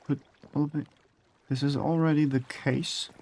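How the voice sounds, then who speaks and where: Young man, gaming streamer, casual commentary, swearing, muttering to himself, slightly high voice, unhurried. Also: little pitch movement, darkish tone, soft background music.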